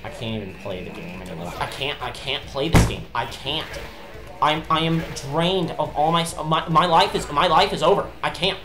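A woman's voice: sits low, moderate pace. Exasperated swearing woman gamer, roomy sound. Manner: exasperated ranting, frequent swearing. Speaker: let's play host. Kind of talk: gameplay commentary. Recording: roomy echo with game music behind. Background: game music.

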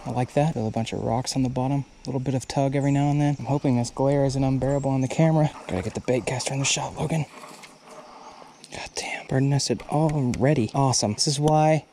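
A young man casually narrating his own fishing trip outdoors, excitable and quick to swear, recorded on a chest-mounted action camera. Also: medium pitch, slight background noise. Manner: excitable and profane, swears freely when snagged. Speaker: fishing vlogger. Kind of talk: casual on-the-go vlog commentary. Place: outdoors at a creek by a bridge.

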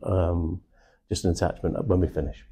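A man leading a live sales training session in a room, teaching with slow, emphatic stresses on key words. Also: low-pitched, level tone, dark tone, slight background noise.

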